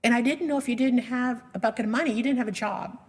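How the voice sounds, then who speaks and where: A woman's voice: a little high, quick pace, darkish tone, slightly rough. A middle-aged woman telling her story as a patient advocate in an earnest, emotional way, with frequent restarts. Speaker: patient advocate giving a presentation. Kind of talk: personal storytelling presentation. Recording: long reverb of a lecture hall.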